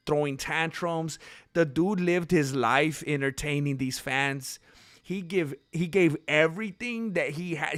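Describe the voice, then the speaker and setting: A man's voice: a little high, fairly bright tone, no echo, studio quality. A man hosting a casual livestream, rambling conversationally and answering his chat. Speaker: livestream host.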